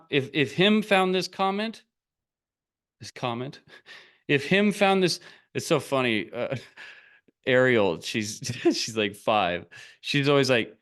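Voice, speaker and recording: A man's voice: medium pitch, fairly bright tone. A middle-aged man coaching on online business in a blunt, rambling, casual motivational talk, often breaking into laughs.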